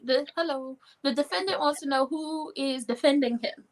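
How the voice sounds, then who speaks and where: A woman's voice: sits high, moderate pace. A woman co-hosting a casual live stream, relaying viewers' comments from the chat.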